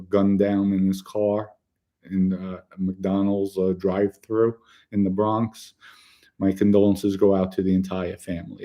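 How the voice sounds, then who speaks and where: Man, podcast host; low, mellow voice; blunt, profane storyteller who acts out quotes. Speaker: podcast host telling crime stories. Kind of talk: casual storytelling monologue.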